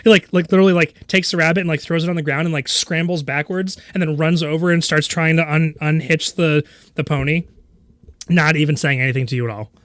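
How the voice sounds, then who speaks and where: A man's voice: on the high side, fairly even intonation, brisk, a bit bright, no echo. A man narrating a tabletop game as game master, rambling with many fillers and laughing often.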